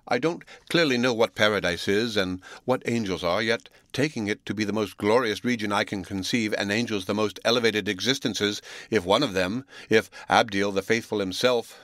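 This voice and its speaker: A spirited young woman teacher, as a male narrator puts her on, lifting his voice a little higher. She argues with earnest, defiant emphasis, close and dry. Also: moderate pace, few pauses, fairly bright tone, no echo, close to an everyday voice.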